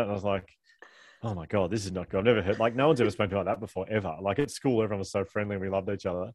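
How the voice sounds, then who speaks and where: A middle-aged man, a guest author, tells personal stories in a rambling, self-deprecating way and laughs often, in candid conversational style. His voice is on the low side and a little mellow, very fast, with no echo.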